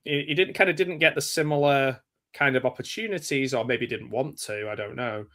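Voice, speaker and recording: An English man hosting a live film chat, his voice bright and forward in tone. He talks in a loose, rambling way, stopping and restarting his sentences and leaning on "um" as he thinks aloud. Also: medium pitch, brisk. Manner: rambling, hesitant, with many fillers and restarts. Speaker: show host. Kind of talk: casual live chat about films.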